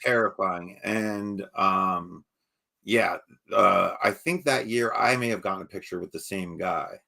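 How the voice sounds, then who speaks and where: A man's voice: low-pitched, measured pace, creaky, bright, forceful tone. A man co-hosting a podcast, chatting casually in a laid-back, rambling way with lots of filler phrases. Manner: laid-back, rambling, says "you know what I mean". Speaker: podcast co-host. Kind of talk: casual chat.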